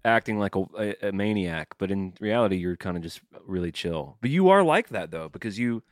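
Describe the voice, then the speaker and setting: A man's voice: deep voice, expressive, brisk, no room sound, clean studio sound. A man hosting a podcast and chatting in a casual, easygoing, reflective way. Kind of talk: casual chat.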